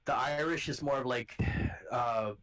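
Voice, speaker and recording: A man's voice: medium pitch, a little slow, a bit bright, a little hiss or hum, rough recording. A man as a tabletop game player, chatting casually and explaining with plenty of restarts. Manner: explains with many restarts and fillers.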